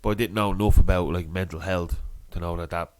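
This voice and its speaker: Low-voiced man chatting on a podcast. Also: steady tone, quick pace, no room sound. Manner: laughs while talking, trails off and restarts. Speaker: podcast co-host. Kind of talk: casual chat.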